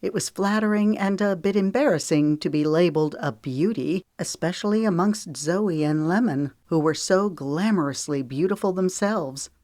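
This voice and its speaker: A woman narrating a romance audiobook in a calm, measured way. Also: fairly low pitch, no echo, studio quality. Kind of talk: scripted narration.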